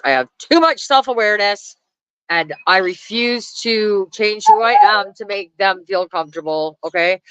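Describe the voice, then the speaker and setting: A woman vlogging in a blunt, profane, animated rant, laughing often. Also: medium pitch, smooth, dry recording. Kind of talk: ranting casual vlog. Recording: dry, dull lo-fi sound.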